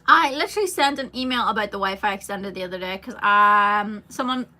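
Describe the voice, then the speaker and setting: A woman's voice: mid-range voice, lively intonation, fairly quick, sharp tone. A young woman chatting casually on a live stream, giggly and answering fans' comments. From Ireland. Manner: chatty, giggly, reads fan comments aloud. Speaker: singer streaming to fans.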